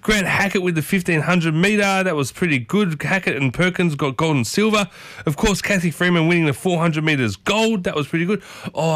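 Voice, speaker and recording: Australian male radio host, mid pitch, chatty and enthusiastic, dry close studio mic. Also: fairly bright tone, no echo. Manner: chatty and enthusiastic, repeats "I tell you what". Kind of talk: casual morning radio chat.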